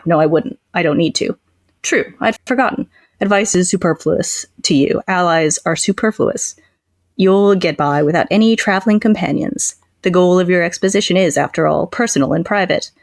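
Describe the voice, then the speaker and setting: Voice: medium pitch, creaky, dry recording. A book podcast co-host reading a long passage aloud and chatting casually about it.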